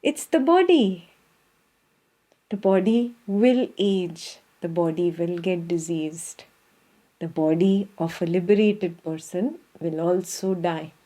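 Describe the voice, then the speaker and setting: Indian woman, spiritual teacher, warm mellow tone, earnest, keeps asking if listeners follow. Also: mid-range voice. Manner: earnest, checks in with listeners often; speaks with her hands.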